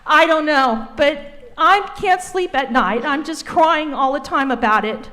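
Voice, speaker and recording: A woman's voice: high-pitched, a little slow, bright, forceful tone. A woman giving an upset public comment at a town meeting, telling her story with nervous laughs.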